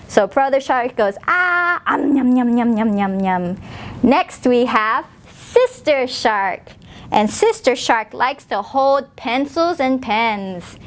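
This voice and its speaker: A woman who is a children's librarian, reading aloud and teaching preschoolers in a gentle, sing-song way. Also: high-pitched. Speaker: children's librarian hosting story time.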